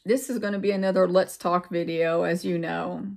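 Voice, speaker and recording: A woman vlogger talking casually and earnestly to her viewers. She rambles and reflects, repeats words for emphasis, and drifts into pauses. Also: on the low side, little pitch movement, gravelly. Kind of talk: casual heartfelt monologue to viewers.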